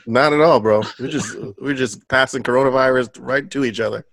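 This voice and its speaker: A man's voice: mid-range voice, fairly quick, creaky, a bit bright. A man in casual chat who jokes around and calls his friends "bro". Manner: joking, laid-back, calls people "bro".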